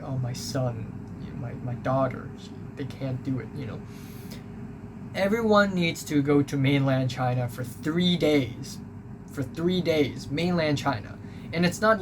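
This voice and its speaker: Rambling young man with a hum behind. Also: mid-range voice. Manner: rambling, full of ums and uhs, offhand and blunt. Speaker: vlogger recapping school life. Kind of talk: casual storytelling. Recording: home recording with steady background noise.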